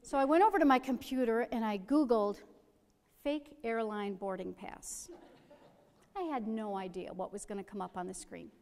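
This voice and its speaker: A middle-aged woman telling a personal story with gentle humor. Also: medium pitch, normal speed. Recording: long hall reverb.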